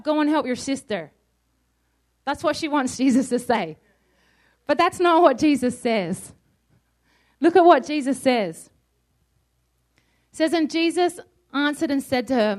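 High-voiced woman preaching a sermon. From Australia. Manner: conversational, asks the crowd questions.

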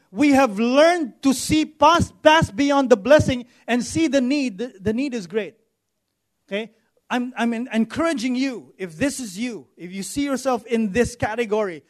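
A middle-aged Filipino man preaching a sermon in a conversational way, repeating words and often checking in with "okay?". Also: very high-pitched. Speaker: pastor. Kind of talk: sermon with personal stories.

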